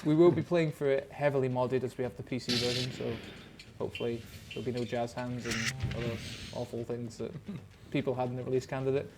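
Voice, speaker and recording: Scottish male streamer, mid-pitched, dry teasing banter, heavy noise hiss underneath. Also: fairly even intonation, a little fast. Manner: chatty, teasing, wry. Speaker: game stream co-host. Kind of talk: casual let's-play chat. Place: small streaming studio. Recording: loud background noise hiss.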